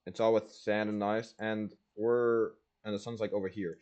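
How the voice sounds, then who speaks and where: A young man streaming, telling a story casually and animatedly, jumping between loud bursts and low asides, full of "like". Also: moderate pace. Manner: casual, peppered with "like" and "blah, blah".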